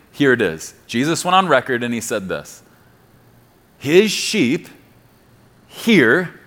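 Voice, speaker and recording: Man, pastor, sermon, fairly high voice, direct appeals to listeners, emphatic repetition. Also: fairly bright tone. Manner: emphatic, repeats key phrases for stress.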